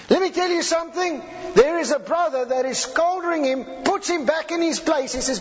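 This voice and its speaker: A man preaching a sermon, retelling a scripture story in a lively way and acting out the quotes. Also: extremely high pitch, normal speed, few pauses. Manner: animated, lively paraphrasing with acted-out quotes. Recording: echoey hall, dull lo-fi sound.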